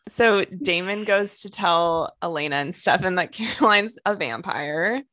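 A woman's voice: fairly low pitch, a little slow, fairly bright tone, no room sound, studio quality. A young woman co-hosting a podcast, recapping a TV episode in casual, crude, joking chat full of "like" and "um". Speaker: podcast co-host.

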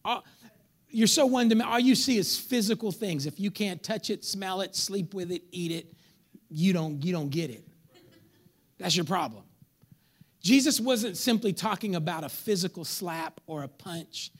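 A man's voice: high voice, moderate pace. A man preaching a sermon as pastor in a church, joking with the crowd and acting out his listeners. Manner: animated preacher, acts out congregants, jokes with crowd. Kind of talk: lively sermon.

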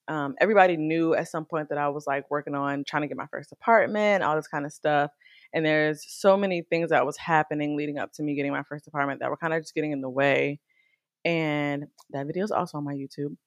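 A woman talking casually to her viewers about faith and stress, chatty and animated, calling the listener girl. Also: low-pitched, dry recording, studio quality. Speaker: faith vlogger. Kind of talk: casual faith talk to camera.

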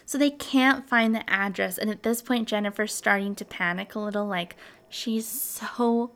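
A woman's voice: medium pitch, normal speed, a bit bright, clean tone. A woman hosting a true crime podcast, telling the story casually and animatedly, with frequent ums and likes.

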